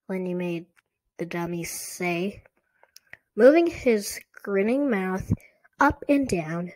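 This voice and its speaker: A woman narrating a storybook slowly and deliberately. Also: mid-range voice, lively intonation, a little mellow.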